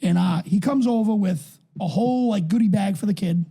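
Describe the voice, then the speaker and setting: A man in his thirties from New England, a podcast co-host and youth football coach, telling rambling, profane stories in casual chat; his voice sounds higher than his build suggests. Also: fairly quick, dark tone, husky.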